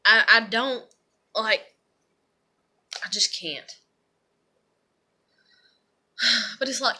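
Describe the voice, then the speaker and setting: A woman's voice: high voice, lively intonation, very slow, long pauses, bright, forceful tone. A woman, talking through her feelings in a rambling, emotional monologue full of swearing. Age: 30s. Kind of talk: confessional vlog monologue.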